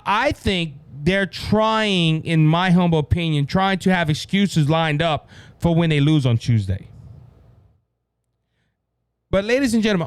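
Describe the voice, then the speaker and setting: A man with a Cajun Louisiana accent hosting a solo political show, emphatic and repeating "ladies and gentlemen" with frequent restarts. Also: a little high, no room sound. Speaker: political podcast host.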